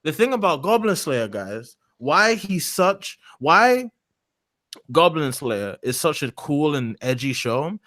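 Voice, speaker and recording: Man, high-ish voice, very lively pitch, dry close sound, rambling mocking chat. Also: slow pace, dry recording. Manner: rambling and mocking, trips over restarts. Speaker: stream co-host. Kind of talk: casual chat.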